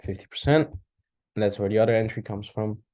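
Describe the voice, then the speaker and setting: A man casually talking through a chart recap, thinking aloud with relaxed asides. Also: fairly low pitch, brisk. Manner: relaxed, talks to himself while charting, asides and apologies. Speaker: trading recap host. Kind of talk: casual screen-share commentary.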